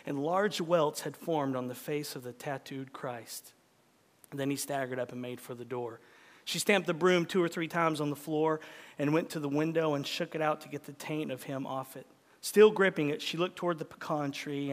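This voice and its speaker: A man preaching in a church hall, retelling and reading a story with dramatic delivery that drops from loud lines to hushed whispers. His voice sits high, and a long hall reverb trails behind it.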